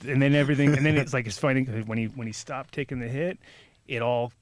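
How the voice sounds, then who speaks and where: This man, chatting casually on a talk show, rambles through a lengthy anecdote, swearing often and mimicking the people he quotes with small voices. He speaks fast at a middle pitch with fairly even intonation, and there's no room sound at all.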